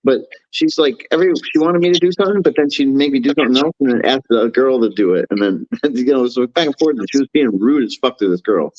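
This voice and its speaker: A man rambles through a profane story on a casual podcast. He keeps slipping into a higher voice to act out what others said. The sound is dull and lo-fi, close and dry. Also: lively intonation, quick pace, hardly any pauses, a little mellow, dry recording. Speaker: podcast co-host.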